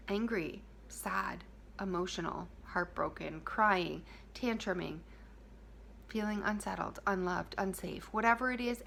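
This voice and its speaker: Soft-spoken bright woman, slipping into whispers. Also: mid-range voice, gravelly, slight background noise. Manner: soft and intimate, drops to whispers, repeats phrases. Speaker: self-help speaker. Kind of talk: heartfelt motivational talk.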